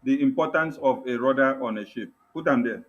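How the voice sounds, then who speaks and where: A man with a Nigerian accent chatting in Pidgin English on an online call, giving directions and spelling words out slowly. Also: mid-range voice, highs cut off. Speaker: online broadcast panelist. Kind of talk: casual group chat in Nigerian Pidgin English.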